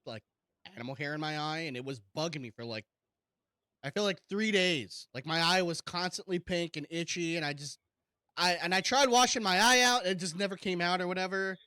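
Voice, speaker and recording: A man's voice: high voice, a little fast, pushed and bright, clear, resonant tone, no room sound. A man in his thirties co-hosting a podcast, chatting crudely, swearing and laughing often. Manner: swears a lot, laughs often, says "dude". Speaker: podcast co-host. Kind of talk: crude casual chat.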